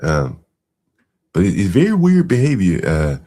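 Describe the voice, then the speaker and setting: A man's voice: wildly swooping pitch, normal speed, warm tone. A man hosting a podcast, giving casual, mocking commentary on clips, with incredulous asides and frequent fillers. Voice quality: deep gravelly voice. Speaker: podcast host reacting to clips.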